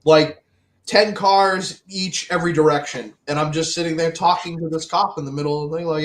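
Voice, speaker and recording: A man's voice: a little high, steady tone, measured pace. A man telling a story in a laid-back way during a casual chat. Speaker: co-host. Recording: echoey room.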